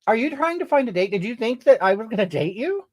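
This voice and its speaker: A crude, entitled woman rants and snipes indignantly at her viewers, as a performer plays her for a comedy livestream. Her mid-range voice swings widely up and down with each outraged jab. She rambles and scolds without pause. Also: mid-range voice, very animated, a little mellow. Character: crude, entitled, brash middle-aged woman. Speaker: comedy livestreamer reading comments in character. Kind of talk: improvised character comedy.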